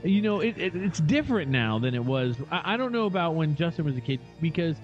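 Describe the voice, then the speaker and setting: A man's voice: a little high, very animated, a little fast, dull audio, faint music behind. A man co-hosting a casual comedy podcast, rambling through stories and laughing at his own jokes. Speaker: podcast co-host.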